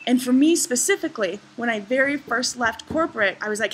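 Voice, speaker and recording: Bubbly high-voiced woman vlogging outdoors. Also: expressive, brisk, few pauses, a little hiss or hum. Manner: bubbly, enthusiastic storytelling. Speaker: vlogger and travel writer. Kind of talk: casual vlog to camera. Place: outdoors in a garden.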